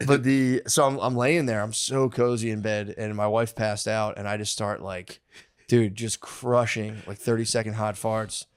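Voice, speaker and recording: A man co-hosting a comedy podcast, telling a story with lively delivery, acting out voices and laughing often. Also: lowish voice, moderate pace, clean tone. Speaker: podcast co-host. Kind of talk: casual comedic chat.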